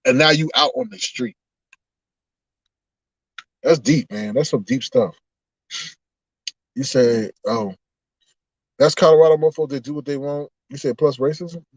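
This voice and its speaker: A man chatting casually on a livestream with his viewers, animated and laughing often as he drifts into preachy asides. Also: medium pitch, measured pace, pauses often, dry recording, lo-fi sound. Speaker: online streamer.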